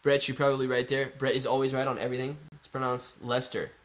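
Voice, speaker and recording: A man's voice: medium pitch, monotone, fast talker. A man hosting a casual live stream, chatting and joking as he reads viewer comments aloud.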